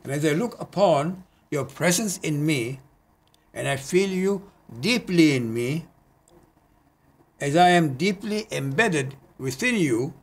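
A man with a somewhat raised pitch recites his own poetry. His delivery is earnest and measured, and he pauses for hesitant asides between poems. He is reading in a community TV studio. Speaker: poet.

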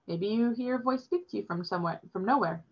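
A woman voicing an earnest immigrant boy who speaks halting, broken English, on a dull lo-fi recording. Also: mid-range voice, husky.

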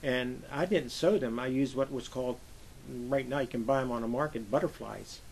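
An older man from Pennsylvania, a Navy veteran, telling lively anecdotes in an oral history interview and acting out the voices he quotes. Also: mid-range voice, moderate pace, vocal fry, slight background noise, rough recording. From Pennsylvania, USA.

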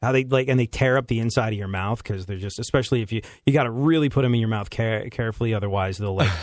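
A man's voice: lowish voice, fast talker, dry recording, clean studio sound. Rambling, laughing man hosting a podcast. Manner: rambling, laughs often, many restarts. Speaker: podcast host. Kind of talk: casual comedic chat.

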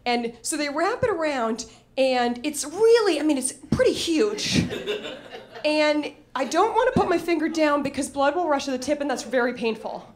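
A woman's voice: high voice, lively intonation, normal speed. A young adult woman telling a funny personal story on stage, self-mocking and acting out the voices of people in it. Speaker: stand-up comedian. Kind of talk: live comedic storytelling.

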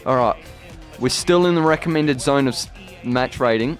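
A man commentating his own football video game career, yelling at missed chances and then muttering in defeat. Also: on the high side, normal speed, soft background music. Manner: excitable, swings between shouting at the game and deflated muttering. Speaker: gaming YouTuber. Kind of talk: gameplay commentary.

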